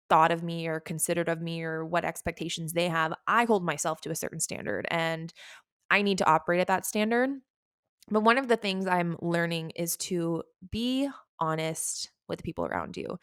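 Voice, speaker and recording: A woman in her thirties talks candidly on her solo podcast, rambling from thought to thought and swearing casually. Her voice sits a little low, and the sound is close and dry. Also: dry recording. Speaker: podcast host.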